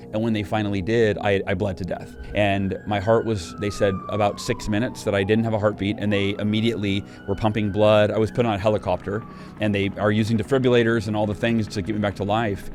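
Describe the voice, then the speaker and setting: A middle-aged man, an interview guest, telling a personal story earnestly, with many restarts and quick shifts in pace. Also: lowish voice. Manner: earnest, animated retelling with frequent restarts. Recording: faint music behind the voice.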